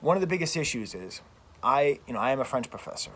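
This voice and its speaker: Speaking fast at a medium pitch, an American man rants outdoors about his opinions on his own channel, where he's the host and a French professor. He's animated and emphatic and keeps repeating phrases.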